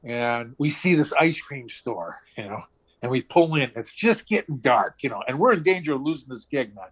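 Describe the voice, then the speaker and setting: Animated storytelling man, lo-fi sound. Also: mid-range voice, normal speed, slightly rough. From Boston area. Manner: animated storyteller, acts out voices with loud outbursts. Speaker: comedian guest. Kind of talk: casual storytelling chat. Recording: dull lo-fi sound.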